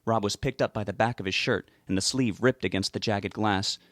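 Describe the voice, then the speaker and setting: A man narrating an audiobook in a measured, steady reading voice. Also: lowish voice, no echo, studio quality.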